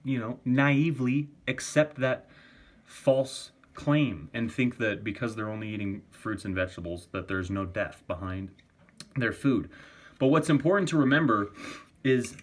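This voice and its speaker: Man, vegan vlogger, profane, argumentative, casual rant, mid-pitched. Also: a little slow.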